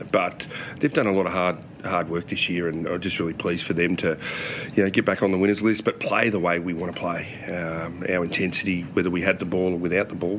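Australian male coach at a press conference; very low voice, plain-spoken. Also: background noise. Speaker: football coach. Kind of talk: post-match press conference.

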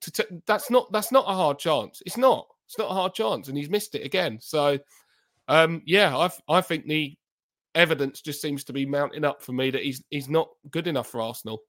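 A man's voice: on the high side, moderate pace, a bit bright. A man, a football podcast pundit talking in heated, emphatic casual chat and repeating his points.

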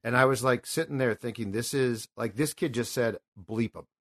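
A man's voice: medium pitch, fairly quick, a bit bright. A man in his fifties hosting a sports talk show, telling stories in an impassioned, rambling and emotional way. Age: 50s. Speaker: sports radio host.

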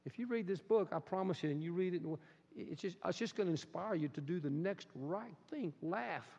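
A middle-aged man preaches with a gravelly, fry-edged voice pitched a little high. He swings from quiet asides into high, excited exclamations. The sound is muffled and carries a long reverb. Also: fairly quick. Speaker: pastor. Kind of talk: sermon.

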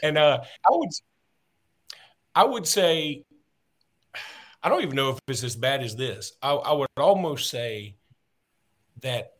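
A man's voice: mid-range voice, fairly bright tone. Guy cohosting a sports podcast, jokey and rambling, just chatting. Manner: joking, rambling, loose. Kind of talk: casual chat.

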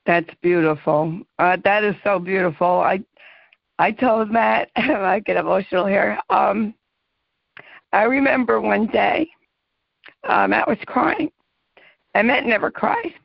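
An older woman speaking in an interview, talking slowly and earnestly with emotion. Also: medium pitch, gravelly, no room sound, highs cut off. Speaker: mother of a caregiver. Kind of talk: candid interview talk.

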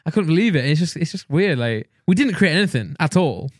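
A man's voice: fairly high pitch, big pitch swings, brisk, no room sound, clean studio sound. A man co-hosting a podcast in casual chat, rambling through stories, laughing often and slipping into silly voices. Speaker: podcast co-host.

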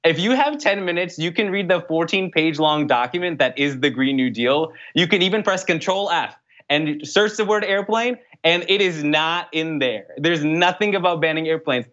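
A young man answering interview questions as a political candidate, in an earnest, brisk way with frequent fillers. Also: on the high side, fairly bright tone. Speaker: congressional candidate. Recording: dull lo-fi sound.

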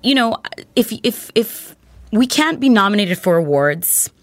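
A woman's voice: mid-range voice, sing-song, a little slow, no room sound. A woman hosting a casual podcast conversation, playful and thoughtful as she asks questions.

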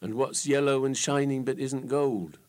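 Storybook fool, young and simple, weepy and pleading, pitched well up, read by a male narrator. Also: normal speed, darkish tone, close to an everyday voice. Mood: eager. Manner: sobbing, pleading, rustic dialect speech. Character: grieving simple-minded young man, weepy, bewildered.

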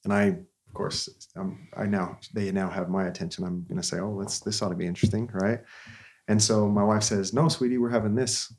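Man, 30s, therapist, conversational storytelling, earnest, somewhat low voice. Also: level tone, normal speed, a little mellow. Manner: conversational, earnest, with frequent restarts.

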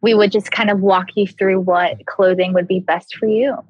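A woman's voice: mid-range voice, steady tone, moderate pace, no room sound, lo-fi sound. A young woman from the American South, a guest chatting casually and laughing often. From Southern US (Kentucky, Ohio). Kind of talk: casual chat.

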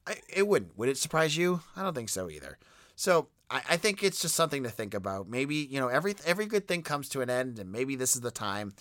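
Young male podcast host, animated and chatty, crisp bright tone. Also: medium pitch, quick pace, no echo, studio quality. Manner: animated, conversational, frequent restarts and stammers. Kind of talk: solo sports podcast commentary.

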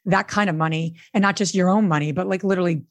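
A woman's voice: fairly low pitch, fast talker, no echo. Candid middle-aged woman telling a story. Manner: candid, storytelling, emotional at times. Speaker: co-host, real estate investor. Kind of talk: casual podcast conversation.

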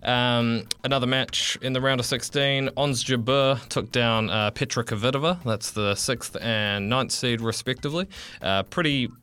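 Bright, clear-voiced New man. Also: medium pitch, normal speed. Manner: hesitant, many fillers and restarts. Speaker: sports reporter. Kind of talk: radio sports update.

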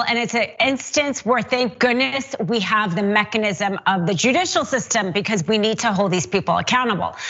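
A woman co-hosting a news commentary show, speaking in an earnest, measured way. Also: a little high, a bit bright, dull audio. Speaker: co-host.

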